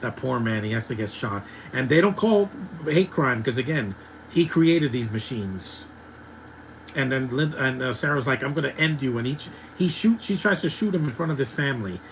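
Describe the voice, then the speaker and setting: Male, 30s, mid-range voice, opinionated movie commentary host, loose and ranty, quiet hum in the background. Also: mid-range voice, lively intonation, moderate pace, low-quality recording. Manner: ranting, opinionated, laughs often. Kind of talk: live movie watch-along commentary.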